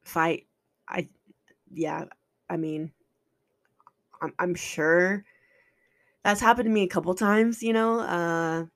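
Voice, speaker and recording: A woman hosting a podcast, telling a personal story in a raw, halting and earnest way, with restarts and some swearing. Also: lowish voice, no echo, studio quality.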